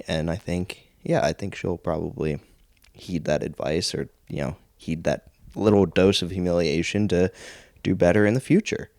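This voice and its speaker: A man co-hosting a podcast in casual chat, measured and hedging as he talks things through. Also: sits low, creaky, a little mellow, no room sound. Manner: measured, hedging with "I mean" and "I think". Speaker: podcast co-host.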